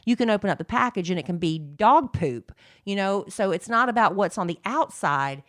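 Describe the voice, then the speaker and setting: A woman's voice: mid-range voice, animated, moderate pace. A middle-aged woman co-hosting a podcast, rambling and gossipy in casual chat, with lots of fillers. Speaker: podcast co-host.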